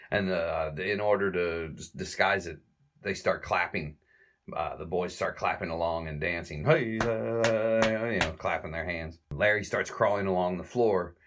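A man casually retelling the plot of an old comedy short, halting with restarts and little chuckles. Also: deep voice, a bit bright. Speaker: film reviewer recapping a classic comedy short.

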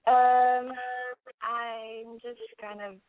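A woman's voice: on the high side, flat delivery, very slow, soft background music. A twenty-one-year-old woman calling in to a podcast, talking hesitantly with many fillers. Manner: hesitant, filler-heavy, soft-spoken. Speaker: caller. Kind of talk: phone call to a podcast. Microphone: phone. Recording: tinny phone line.

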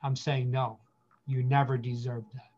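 A man speaking as a guest pastor, giving earnest counsel with emphatic repetition, slowing down to stress key phrases. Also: mid-range voice, flat delivery, darkish tone, lo-fi sound.

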